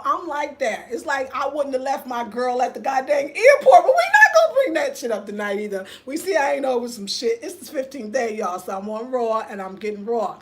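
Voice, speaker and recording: A woman, chatting live and telling a story with lots of laughter. Her voice sits high, and she talks in an animated way, reading viewers' comments aloud as she goes. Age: 50s. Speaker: livestream host. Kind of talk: casual live chat.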